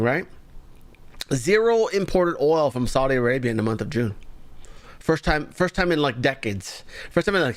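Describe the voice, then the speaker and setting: A man's voice: medium pitch, no room sound. A man hosting a live show, giving sarcastic, mocking political commentary.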